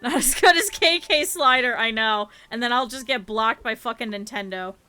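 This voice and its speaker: A woman's voice: on the high side, moderate pace, bright, forceful tone, clear, resonant tone. A woman streamer chatting to her viewers over gameplay, swearing freely and reacting to the game as she plays. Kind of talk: casual gameplay commentary.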